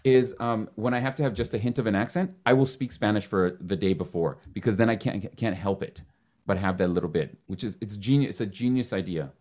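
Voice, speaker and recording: A man's voice: on the low side, a little fast, a little mellow. A man hosting a podcast in a casual, joking chat who swears freely. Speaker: podcast host.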